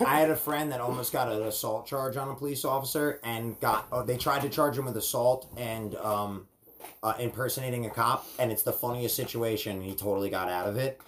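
A man's voice: mid-range voice, brisk, a bit bright, slight background noise. Rambling, laid-back young man. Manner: rambling storyteller, swears casually, acts out quotes. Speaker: podcast host. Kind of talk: casual chat.

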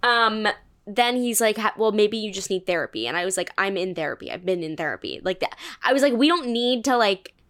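A woman's voice: medium pitch, fairly quick. A young woman in her twenties, co-hosting a podcast and telling a candid, profane story in casual chat, acting out the people in it as she goes. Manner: candid, swearing, animated quoting of others. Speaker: podcast co-host.

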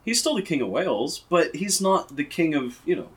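A man's voice: on the high side, big pitch swings, moderate pace. A young man in a casual podcast chat, rambling with strong opinions and plenty of swearing.

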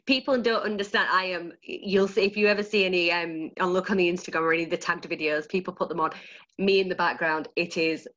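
A woman with a Yorkshire accent, a dance studio owner giving gushing, animated interview answers and laughing easily. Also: lowish voice, fast, highs cut off.

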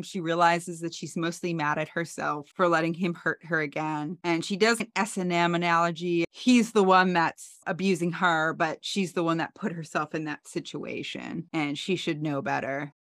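A woman co-hosting a podcast, casually recapping a TV episode with animated storytelling and playful quoted voices. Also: sits low, no room sound, clean studio sound. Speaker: podcast co-host.

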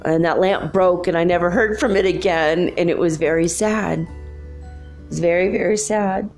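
A woman in her fifties, telling a childhood story in an animated, confiding way. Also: lowish voice, normal speed, faint music behind. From Los Angeles, USA. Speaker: spiritual speaker. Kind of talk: storytelling monologue.

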